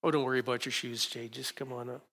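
A man's voice: mid-range voice, flat delivery, fast, fairly bright tone. A male pastor preaching to a congregation in a conversational way, often restarting his sentences as he coaches volunteers through a demonstration on stage. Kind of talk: sermon with live stage demonstration. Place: church stage before a congregation.

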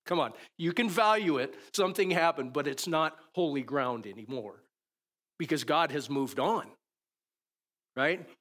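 A man preaching a conversational sermon, often asking "right?" and moving between loud and quiet. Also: on the high side, animated, measured pace. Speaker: pastor.

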